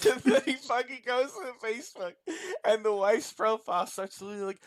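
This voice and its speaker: A man with a high voice co-hosts a casual movie-review chat, venting in exasperated, profane bursts. The recording is dry and close, with no room sound. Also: moderate pace, no echo. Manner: exasperated, profane, emphatic ranting. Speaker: podcast co-host.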